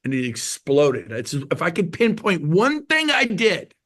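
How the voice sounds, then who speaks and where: A man in his fifties from California, a real estate agent on a webinar panel, giving an excitable motivational pitch. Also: unhurried. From California, USA.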